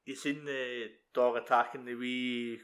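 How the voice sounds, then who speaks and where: A man's voice: medium pitch, little pitch movement, a little slow, fairly bright tone. A man with a Scottish accent, chatting casually about a film as a co-host, swearing often and stumbling over fillers.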